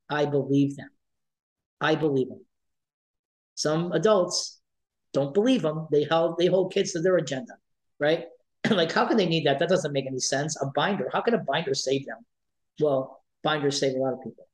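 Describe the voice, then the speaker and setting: A man's voice: fairly high pitch, normal speed, rough recording. A man being interviewed, speaking with passion and emotion and repeating his points for emphasis. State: emotional, near tears. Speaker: advocate for trans youth. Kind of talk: interview guest.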